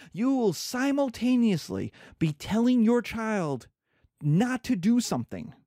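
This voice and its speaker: Animated man lecturing as a professor. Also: sits high, no room sound, studio quality. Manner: animated, acts out little scenes, asks and answers his own questions. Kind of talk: lecture to students.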